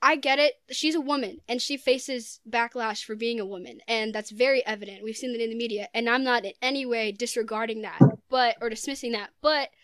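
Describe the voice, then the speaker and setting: An earnest young woman chats as a podcast guest, filling her thoughts with "like". Her voice is smooth and a touch high. The room is dry. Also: fairly quick, hardly any pauses, fairly bright tone, no room sound. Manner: earnest, lots of "like" fillers. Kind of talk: casual podcast chat.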